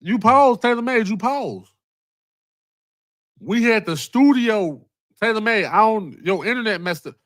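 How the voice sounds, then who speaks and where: Man, livestream host, rambling street slang, higher voice, dry close sound. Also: expressive, measured pace, pauses often, a bit bright, no echo. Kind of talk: casual livestream talk.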